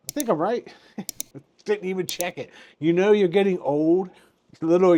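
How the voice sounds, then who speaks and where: A man's voice: high voice, a little mellow. Chuckling man in his fifties. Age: 50s. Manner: chuckling, joking asides. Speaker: finance channel host. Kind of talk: casual commentary.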